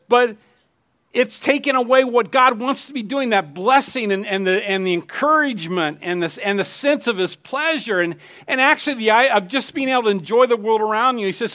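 A man's voice: sits high, bright, forceful tone. A middle-aged man preaching a sermon, conversational and emphatic, telling personal stories. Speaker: pastor.

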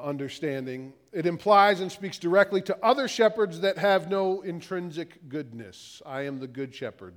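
In a sermon, a middle-aged male pastor builds a slow list of repeated questions, and his voice drops low and quiet whenever he quotes scripture. A long reverb tail trails his words.

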